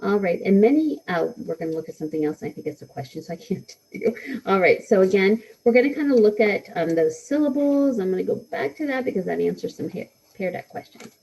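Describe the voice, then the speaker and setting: A woman's voice: medium pitch, expressive, fast, gravelly, warm tone, a little hiss or hum, low-quality recording. A woman teaching a live lesson to schoolchildren, encouraging them and answering their comments with frequent ums. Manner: encouraging, answers students' comments with many fillers. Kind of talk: live read-aloud lesson to a class.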